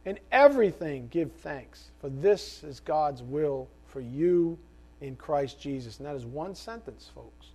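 A man preaching a sermon as pastor, swinging from soft asides to loud, impassioned exhortation. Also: fairly high pitch, takes it slowly.

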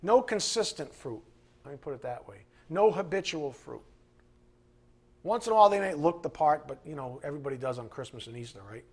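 A middle-aged man preaching a fiery sermon to a class, building to angry shouting. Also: fairly high pitch, animated, fairly quick, breathy edge. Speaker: preacher teaching a Bible class.

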